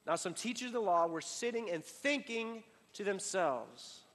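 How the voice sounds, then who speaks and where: A man preaching a sermon in a casual, conversational way, full of fillers and restarts, building up and then dropping to a quiet emphasis. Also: high-pitched, expressive, normal speed, long reverb tail. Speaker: pastor.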